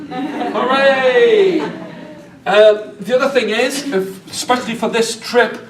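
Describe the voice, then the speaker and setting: High-voiced Northeast English storyteller. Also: male voice, moderate pace, some chatter behind. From northeast England. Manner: chatty, playful, with jokes and audience asides. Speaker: storyteller leading a teachers' workshop. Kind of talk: live workshop talk to an audience. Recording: echoey room, mic far off, faint background noise.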